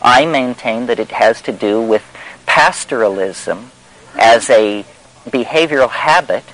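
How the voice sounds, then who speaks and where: A man speaking at a middle pitch, lecturing in a loose, discursive way. He is wry and emphatic, and he wanders between ideas, with plenty of "you know" and "uh" along the way. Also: unhurried, a bit bright, low-quality recording. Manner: wry, meandering and emphatic, with many fillers. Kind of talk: discursive spoken talk.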